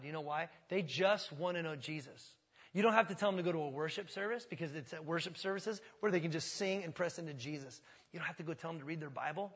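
A male pastor in his thirties preaches with a fairly high, husky voice. He swings from hushed, intimate asides to fervent rising calls, and his words ring out with a long church-hall reverb. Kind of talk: sermon. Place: church sanctuary.

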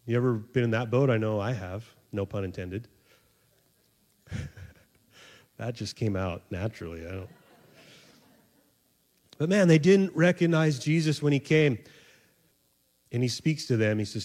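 A man's voice: measured pace, pauses often. A man preaching a sermon in a conversational, joking way, acting out voices and laughing at himself. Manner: animated, acts out voices of the disciples with sudden high squeaks. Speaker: pastor.

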